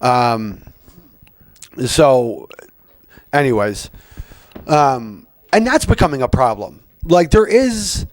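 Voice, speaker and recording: A man's voice: medium pitch, sing-song, slow, pauses often, no room sound. Podcast host, man, rambling profane rant, dry close sound. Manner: rambling, profane, frequent fillers. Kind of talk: casual rant.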